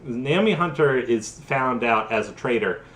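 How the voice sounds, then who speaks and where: A man's voice: mid-range voice, expressive, a little slow, a bit bright. A tipsy man rambling through a profane, casual recap of a game's story, full of fillers. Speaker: host. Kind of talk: drunk casual game recap. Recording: echoey room.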